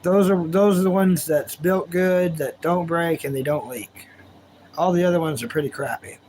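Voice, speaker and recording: A man's voice: a little high, moderate pace, a little mellow, slight background noise, rough recording. A man hosting a livestream from home, chatting casually with viewers in a laid-back, drawling way and laughing often. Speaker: livestream host. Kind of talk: casual chat with live viewers.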